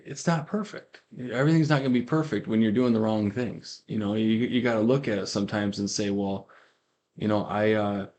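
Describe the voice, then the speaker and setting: A man with a fairly low voice tells his story in a loose, rambling way. He circles back over the same words and acts out the lines of the people in his story. It sounds like casual spoken testimony rather than a prepared speech. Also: a little fast, few pauses, a little mellow. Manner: rambling storyteller who repeats himself and acts out quoted lines. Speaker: guest giving a faith testimony.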